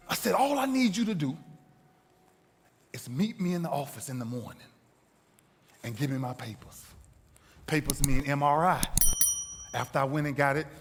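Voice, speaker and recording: A man giving a motivational speech, telling a dramatic story with emphatic, repeated phrases. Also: mid-range voice. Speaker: motivational speaker. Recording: reverberant hall with faint music.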